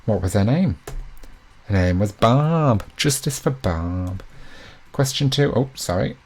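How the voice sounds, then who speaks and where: Man, quiz host, low voice, self-mocking chatter. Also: creaky, darkish tone. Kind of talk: live online quiz hosting.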